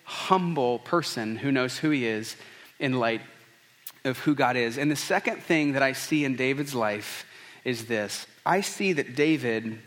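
A man's voice: medium pitch, measured pace, a bit bright. A man preaching a conversational, earnest sermon, often restarting his sentences. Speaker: pastor.

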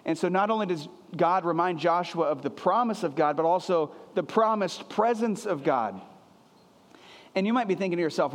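A man's voice: sits high, expressive, moderate pace, long reverb tail. A man preaching a sermon as a pastor, earnest and emphatic, often repeating his phrases for weight.

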